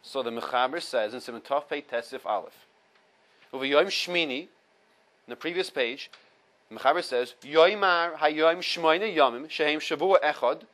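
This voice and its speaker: On the high side and a bit bright, the man's voice moves at a normal speed over a low-quality recording. He is a Torah teacher giving a relaxed halacha class, where he reads Hebrew sources, explains them gradually in English, goes over key points again, and mixes Hebrew quotations with English.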